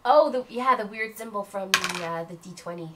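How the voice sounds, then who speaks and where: A woman running a family tabletop game as game master, telling the story in an animated and encouraging way. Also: mid-range voice, normal speed, noisy background.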